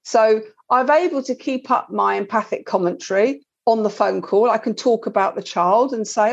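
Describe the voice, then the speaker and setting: A woman's voice: medium pitch, normal speed, vocal fry, few pauses. A woman explaining parenting tools in a conversation, earnest and often repeating words as she goes. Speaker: parenting guest expert. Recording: dull lo-fi sound.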